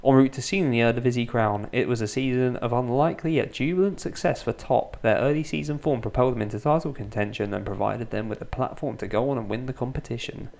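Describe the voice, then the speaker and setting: His Let's Play talk comes quick and gravelly, mid-range in pitch, with few pauses. A gaming YouTuber in his thirties, he's at home at night deliberately keeping quiet so his sleeping kids won't stir. The restrained delivery carries dry jokes at his own expense.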